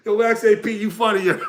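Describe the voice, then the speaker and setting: A man's voice: high voice, sharp tone, slight background noise. A man with a New York accent hosting a casual livestream, laughing often and talking slangily to his chat. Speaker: livestream host.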